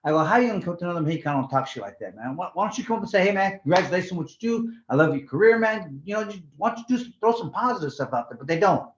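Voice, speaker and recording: A man's voice: high voice, animated, very fast, hardly any pauses, slight background noise. A man of sixty, a former boxing champion from California, telling stories in a rambling, talkative way, repeating words and slipping in Spanish slang. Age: 60s. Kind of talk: casual storytelling interview. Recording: echoey room, dull lo-fi sound.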